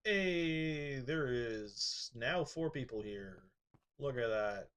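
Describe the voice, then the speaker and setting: A man's voice: medium pitch, expressive, takes it slowly, fairly bright tone. A man chatting casually as he streams a game, laughing often and grumbling at it. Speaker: gaming streamer. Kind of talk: casual live-stream commentary.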